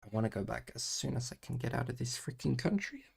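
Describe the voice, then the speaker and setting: A man's voice: medium pitch, expressive, fast talker, creaky, breathy edge. Man muttering through homework on stream. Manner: mutters to himself, playful nonsense words, chats with viewers; drifts between loud bursts and quiet mumbling. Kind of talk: casual livestream chat.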